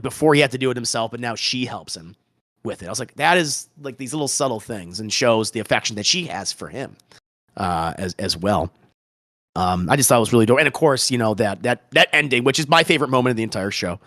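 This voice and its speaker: A man hosting a podcast, chatting excitedly about a show and retelling scenes with lots of restarts and casual swearing. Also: medium pitch, no echo, clean studio sound. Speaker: podcast host. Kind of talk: casual podcast review chat.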